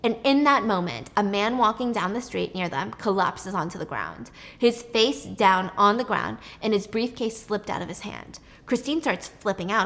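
A young woman casually retelling a story in a chatty, quick way, swearing now and then. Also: medium pitch, very animated, fairly bright tone.

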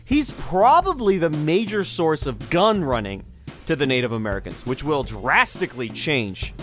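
A history podcast host with a medium-pitched, slightly bright voice gives a casual lecture. He tells the story loosely and conversationally, adding speculative asides.

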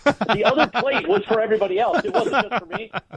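A man calling in to a radio show, bantering in an animated, teasing way with mock-grand praise. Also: extremely high pitch, fast, crowd noise. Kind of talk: casual sports radio banter. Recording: tinny phone line.

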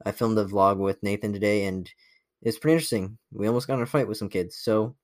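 Cocky, profane young man, lowish voice. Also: steady tone, quick pace, darkish tone, no echo, studio quality. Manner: cocky, boastful and profane, with a lot of laughing. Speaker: podcast host. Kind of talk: casual storytelling monologue.

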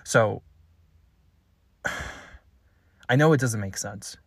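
Male, lower voice, dry close sound; blunt, halting, frustrated confessional monologue. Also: no room sound. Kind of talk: confessional spoken message.

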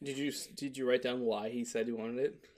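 A man's voice: medium pitch, fairly even intonation, fairly quick, darkish tone. A man co-hosting a casual podcast, chipping in with skeptical, jokey remarks. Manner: skeptical, jokey interjections with mock quotes. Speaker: podcast co-host.

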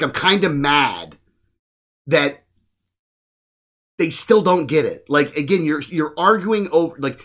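A man's voice: on the high side, fairly bright tone. Man, podcast host, profane, blunt, fired-up ranting, casual chat.

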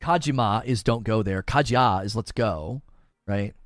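A man's voice: fairly low pitch, normal speed, no room sound, clean studio sound, soft background music. A man hosting a live stream, chatting casually and reading out viewer comments with frequent laughs. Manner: chatty, laughs often, reads chat aloud. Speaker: streamer host.

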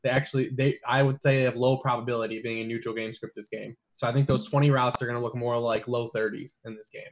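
A man's voice: medium pitch, little pitch movement, fast, slight background noise. A man talking through fantasy football picks in a casual podcast chat, with lots of fillers and restarts. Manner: rambling, many fillers and restarts.

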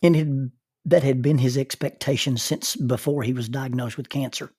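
A middle-aged male minister telling a personal story, halting and repeating words as he starts sentences. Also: mid-range voice, steady tone, mellow, husky, dry recording, studio quality.

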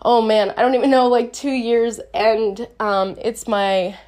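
A woman's voice: a little high, level tone, measured pace, darkish tone. A young woman hosting her own podcast in casual, chatty talk, with a stuffy, nasal voice from a cold, laughing often and saying "like" a lot. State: congested, nasal voice. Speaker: podcast host.

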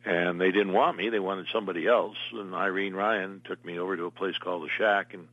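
A man's voice: low-pitched, fairly even intonation, fairly quick, fairly bright tone, dry recording, lo-fi sound. An older man, an actor, telling long meandering stories as an interview guest. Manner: meandering anecdotal storyteller. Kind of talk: casual interview storytelling.

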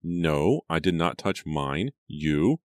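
A man's voice: expressive, slow pace, no echo, exaggerated voice. A man reading an audiobook, voicing an anxious young woman, the older sister, in a raised and emphatic voice. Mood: horrified. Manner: raised pitch, fretful and emphatic.

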